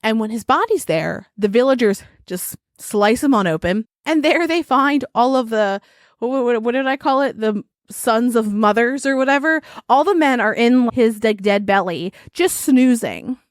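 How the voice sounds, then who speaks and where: A woman's voice: a little high, moderate pace, no room sound, clean studio sound. A woman co-hosting a podcast, retelling a folktale in a casual, profane, giggly way. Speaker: podcast co-host. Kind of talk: casual storytelling chat.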